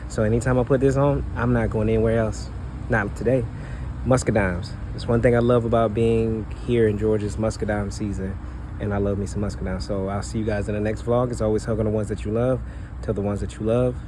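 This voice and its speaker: A man's voice: on the low side, brisk, background noise. A man, a flight attendant, chatting casually and rambling through a vlog with plenty of fillers. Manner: relaxed, rambling, thinking aloud with fillers.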